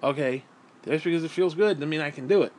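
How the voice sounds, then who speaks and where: Guy lying around at home going off, swearing nonstop, kinda high voice, super blunt. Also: fast, a little hiss or hum. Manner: crass, blunt, swears constantly. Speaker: vlogger. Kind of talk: profane rant to camera.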